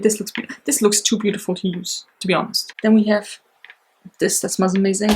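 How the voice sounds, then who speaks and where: A woman chatting casually and excitedly through a beauty box unboxing, with lots of fillers and gushing reactions. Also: medium pitch, noisy background. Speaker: beauty vlogger.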